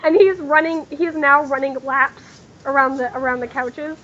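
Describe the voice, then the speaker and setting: Brief: woman GM, quite high voice, halting delivery, slightly muffled lo-fi sound. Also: steady tone, fairly bright tone, slight background noise. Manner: halting, many fillers and restarts. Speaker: game master. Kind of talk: narrating a tabletop game.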